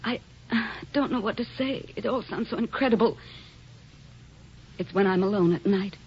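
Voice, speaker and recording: A woman's voice: medium pitch, moderate pace, slightly rough. A woman playing a frightened young Victorian wife in a 1940s radio drama, tremulous and pleading. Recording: dull old radio broadcast.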